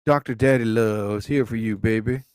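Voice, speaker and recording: A man voicing a cocky male ladies'-man persona who croons low come-ons to women. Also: steady tone, normal speed, lightly acted. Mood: seductive. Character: smooth-talking male radio-lover persona, cocky.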